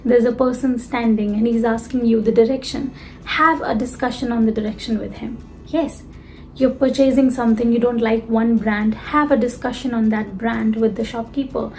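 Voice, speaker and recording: Lively woman coaching spoken English. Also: a little high, moderate pace, slight background noise. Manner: lively, emphatic, addresses the viewer directly. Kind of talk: direct-to-camera lesson.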